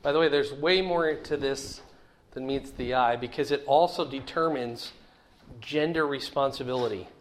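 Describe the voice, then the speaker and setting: Casting note: middle-aged man, plain mid-pitched voice, folksy Bible teacher who keeps asking the class questions, faint hiss in the background. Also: normal speed. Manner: folksy, asks the listeners questions. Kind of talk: conversational Bible lesson.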